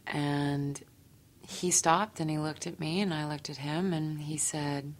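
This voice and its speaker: Interview subject: young woman, dry wry storyteller, lowish voice. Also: steady tone, a little slow. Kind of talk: to-camera personal story.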